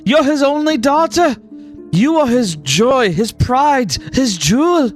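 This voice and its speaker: A man's voice: high-pitched, expressive, moderate pace, soft background music. A man voicing a cheerful, tough older aunt in a put-on Scottish accent, exuberant and affectionate, in a tabletop game. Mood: reassuring.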